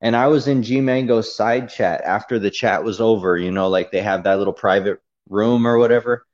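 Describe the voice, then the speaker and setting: A man's voice: fairly low pitch, normal speed, lo-fi sound. A man ranting casually on a livestream, telling a long story in a heated, profane and rambling way.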